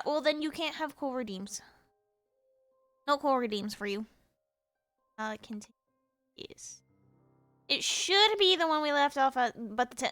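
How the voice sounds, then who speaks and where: A young woman from the United States chats with her viewers during a game stream, chaotic and teasing, breaking into laughter often. Her voice sits high and rings bright and sharp. The sound is dry and close, with no room around it. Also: smooth, no room sound. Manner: chaotic, playful, laughs often, teases chat. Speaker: VTuber streamer. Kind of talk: casual live-stream chat with viewers.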